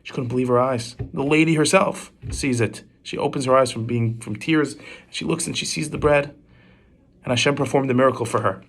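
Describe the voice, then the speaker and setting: Fast-talking man telling Torah stories. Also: medium pitch, vocal fry, husky. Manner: quick, animated storytelling with frequent restarts. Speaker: rabbi giving a Torah class. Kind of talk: storytelling Torah talk.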